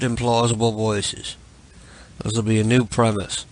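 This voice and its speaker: A man of middle pitch chats in a flat, mocking tone between his prank calls. He sounds self-deprecating and deadpan. A steady hiss of noise sits under the voice. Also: unhurried. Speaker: prank caller and host.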